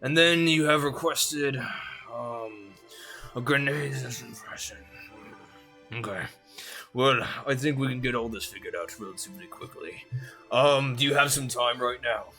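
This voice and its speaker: A man voicing a gruff male orc armorer clerk who talks in an offhand, businesslike way. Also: mid-range voice, unhurried, bright, forceful tone, faint music behind. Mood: brusque.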